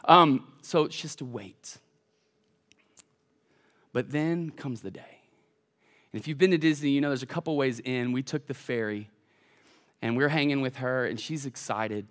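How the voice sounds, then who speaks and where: A young man preaching a sermon, telling a lively family story to the congregation. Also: medium pitch, unhurried, pauses often. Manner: animated, addresses the congregation as y'all. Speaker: college pastor.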